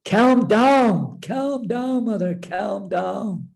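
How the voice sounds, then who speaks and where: A man voicing a calm, soothing male supreme deity who raises his voice in appeals to calm down. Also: mid-range voice, measured pace, lightly acted.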